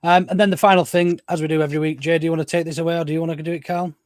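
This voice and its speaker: A man's voice: a little high, flat delivery, very fast, darkish tone, dry recording, clean studio sound. A man hosting a casual football podcast, steering the chat and putting questions to his guests. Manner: leads the talk, puts questions to the guests. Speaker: podcast host.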